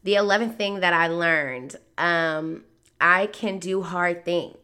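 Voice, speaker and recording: A woman's voice: lowish voice, takes it slowly, sharp tone, clean tone. A woman in her thirties hosting a podcast, talking candidly and earnestly about faith and lessons learned, full of "like" and "um". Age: 30s. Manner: candid and conversational, many fillers like "like" and "um"; earnest, faith-centered encouragement. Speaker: podcast host. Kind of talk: reflective personal podcast monologue.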